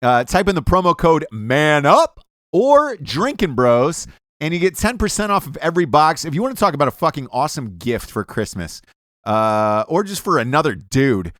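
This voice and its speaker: Loud-mouthed male host, animated pitch, crude jokes, dry close mic. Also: moderate pace, no room sound. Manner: brash, profane, joking delivery. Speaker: podcast host. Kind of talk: casual podcast ad reads and chat.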